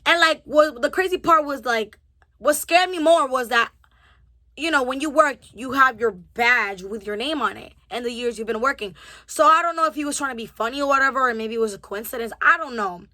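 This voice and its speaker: A young woman in her twenties telling a story-time vlog in a lively way, acting out both sides of the conversation. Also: high-pitched, a little fast, dry recording. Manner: animated, acts out both sides of the dialogue with a rising temper. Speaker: vlogger.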